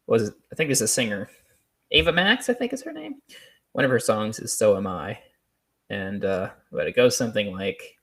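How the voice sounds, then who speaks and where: A man hosting a solo show, talking off the cuff in a rambling, hesitant way with many pauses, restarts and small laughs. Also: fairly low pitch, a bit bright. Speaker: podcast host. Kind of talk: unscripted solo commentary.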